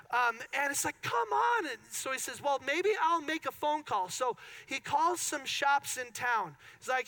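A middle-aged pastor with an Upper Midwest American accent tells a story from the pulpit, acting out each voice with sudden shouts. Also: male voice, very high-pitched, low-quality recording. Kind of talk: storytelling sermon.

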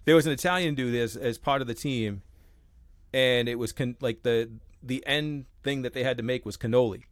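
A young man telling a story on a casual podcast, acting out what other people said and swearing now and then. His voice sits at a middle pitch. The sound is dry and close, with no room around it. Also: moderate pace, no echo. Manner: animated storyteller, acts out quotes, swears casually. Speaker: podcast co-host.

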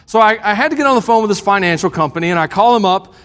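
A man's voice: high voice, lively intonation, very fast, fairly bright tone, clear, resonant tone. A male pastor preaching a sermon, telling a story in a self-deprecating way with frequent chuckles, in a church sanctuary. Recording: reverberant church hall.

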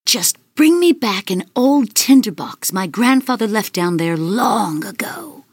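A woman voicing a scheming old witch in a storybook reading, speaking in a hushed, whispery coaxing way. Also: mid-range voice, lively intonation, measured pace, slightly rough, dry recording, clean studio sound.

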